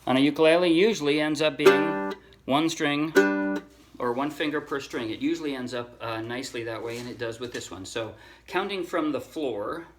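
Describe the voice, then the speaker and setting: A man teaching a ukulele song in a relaxed, casual way, counting strings aloud and correcting himself as he goes. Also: medium pitch, moderate pace, loud music behind the voice. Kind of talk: casual tutorial talk. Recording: ukulele playing under the voice.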